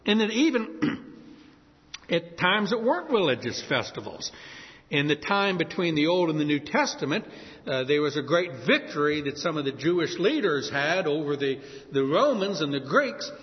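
A man preaching with a New Orleans accent, his voice set a bit high and swinging widely in pitch as he tells stories. He acts out the shouts of crowds with energy. The sound is muffled and rings with a long reverb, as in a church hall. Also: normal speed. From New Orleans, USA. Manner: lively storytelling with animated shouted quotes. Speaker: pastor. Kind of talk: sermon.

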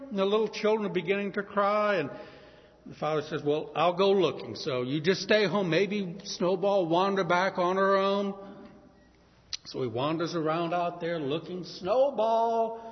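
A preacher telling a story in a sermon, acting out the characters' voices and swinging between loud calls and hushed lines. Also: male voice, high voice. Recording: muffled recording in a reverberant hall.

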